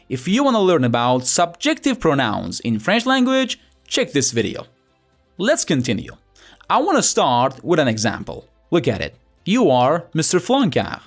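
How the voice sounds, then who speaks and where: Young male tutor, chatty and playful, slightly high voice with lively swings, over light music. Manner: playful, chatty, asks rhetorical questions. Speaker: language teacher. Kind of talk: scripted lesson narration.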